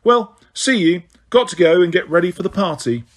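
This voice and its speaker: A man's voice: sits high, animated, moderate pace. Hermione: a man voicing a prim clever teen witch. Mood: sweetly smug.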